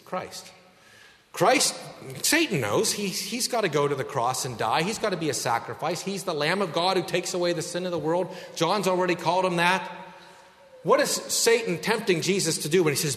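A man's voice: fairly high pitch, expressive, a bit bright. Preaching man in an echoey hall. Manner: emphatic preaching, slowing down to stress key words. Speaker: pastor. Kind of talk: sermon.

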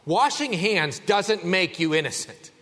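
A man preaching a sermon as pastor, emphatic, swinging between a raised voice and a hushed one. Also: sits high, animated, measured pace, big-room sound.

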